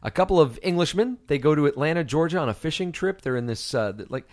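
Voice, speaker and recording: Lively, joking man with a higher voice. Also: fast talker. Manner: joking, swearing, breaks into voices and song. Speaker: podcast co-host and stage actor. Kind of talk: casual banter.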